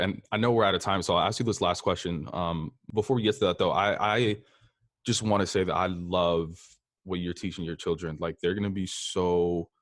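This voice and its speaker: Brief: very low-voiced man, podcast host, reflective anecdotes, dry close sound. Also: a bit bright, no echo. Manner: reflective, shares personal anecdotes with frequent fillers. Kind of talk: casual interview talk.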